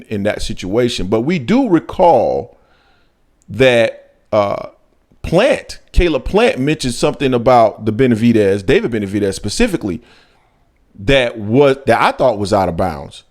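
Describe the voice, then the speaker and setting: With a lowish, darkish voice, this sports talk show host chats casually yet drives his points home emphatically, his pitch rising suddenly as he makes them.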